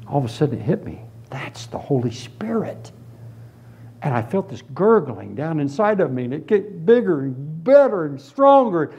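A man telling his conversion story as a sermon, with lively storytelling that moves from hushed tones to shouted praise. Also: fairly high pitch, normal speed, husky. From Florida, US. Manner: animated storytelling, drops to hushed tones then bursts into shouts. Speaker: preacher giving testimony. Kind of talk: testimony sermon.

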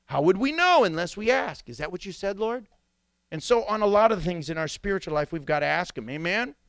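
A middle-aged man preaching a sermon with animated storytelling, jumping into sudden impressions. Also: high-pitched, fairly quick, creaky, smooth, no room sound. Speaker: pastor.

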